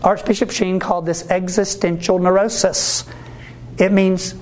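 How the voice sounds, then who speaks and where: An animated male priest preaching to a gathering of ministry workers. He acts out the people he quotes, jumping into their voices, and keeps checking in with his listeners. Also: high voice, a little slow. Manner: asks the audience for agreement. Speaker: Catholic priest. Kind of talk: sermon-style talk to ministry workers.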